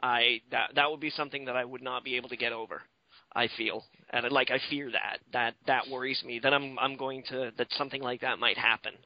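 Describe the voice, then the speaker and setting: A man's voice: medium pitch, fairly even intonation, brisk, dry recording, lo-fi sound. A man co-hosting a podcast in casual chat, rambling and swearing freely with lots of fillers. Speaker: podcast co-host.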